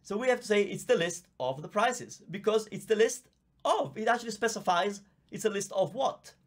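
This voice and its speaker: Expressive and speaking at normal speed, a man with a high-sitting voice and an Italian accent teaches his native Italian live online. He fields a Q&A, patiently explaining and chatting as he reads comments from viewers, a mic visible.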